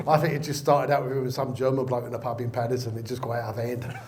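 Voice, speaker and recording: A man telling a long bawdy joke about his grandfather, lively and swearing freely. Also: medium pitch, fast, slight background noise. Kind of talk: storytelling joke.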